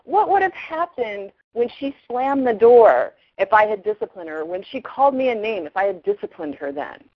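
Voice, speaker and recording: A middle-aged woman explains parenting ideas in a relaxed, chatty way and acts out little scenes with her kids. The sound is dry and dull, like an old radio broadcast. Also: mid-range voice, moderate pace, no room sound. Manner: animated storyteller acting out quotes. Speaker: parenting expert guest. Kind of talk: casual advice talk.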